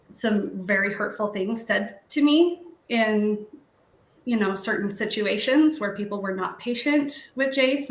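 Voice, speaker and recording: Bright-voiced emotional mother on a panel. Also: mid-range voice, roomy sound. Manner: heartfelt, emotional, many "um" pauses. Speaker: parent of an autistic child. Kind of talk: casual panel discussion.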